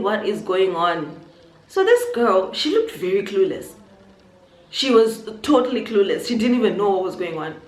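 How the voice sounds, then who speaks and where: Zimbabwean woman telling a storytime. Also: mid-range voice. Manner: animated storytelling, acts out quotes. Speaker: YouTuber. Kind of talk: storytime vlog. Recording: echoey room, faint noise.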